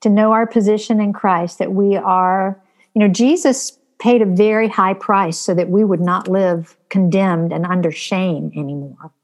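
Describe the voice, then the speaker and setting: A woman discusses her faith in an easy conversational way. She speaks earnestly, sliding into a gentle preaching tone, and her thoughts are dotted with ums. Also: medium pitch, fairly even intonation, moderate pace. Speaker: co-host of a Christian talk show.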